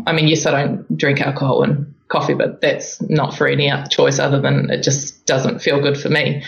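A woman's voice: sits low, creaky. A woman, a guest speaking in a reflective, rambling, hesitant way. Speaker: guest, food blogger. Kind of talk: casual interview chat. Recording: echoey room, dull lo-fi audio.

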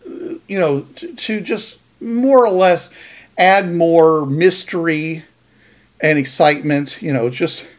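Male co-host, slightly higher-pitched; easygoing, thinks out loud while listing ideas. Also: takes it slowly. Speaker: podcast co-host. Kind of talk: casual podcast chat.

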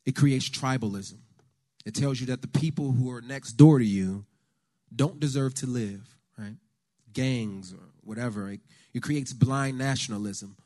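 An American man giving a conversational, faith-based talk on politics to a church lunch audience, telling stories with lively asides. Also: medium pitch, measured pace. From United States. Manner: animated storyteller, conversational with the audience.

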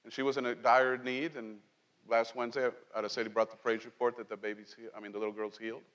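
A man preaches as pastor in a church sanctuary, speaking at medium pitch and a fast clip, joking and making asides with his congregation in an animated, conversational way. The audio is dull, with a long reverb tail.

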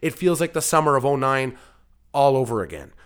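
A man's voice: mid-range voice, big pitch swings, fairly quick, clean tone. A man from Canada hosting his own comedy podcast alone, rambling through jokey digressions and interrupting himself. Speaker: podcast host and producer.

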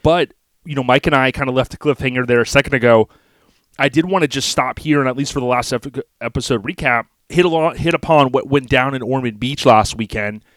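A man's voice: medium pitch, brisk, fairly bright tone, no echo. Laid-back man, dry close mic. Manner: laid-back, rambling, folksy. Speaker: podcast co-host. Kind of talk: casual podcast chat.

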